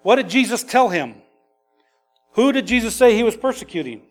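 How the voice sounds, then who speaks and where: A man preaching an expository sermon in a conversational, animated way, acting out quotes and adding quick asides. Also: extremely high pitch, soft background music. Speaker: pastor.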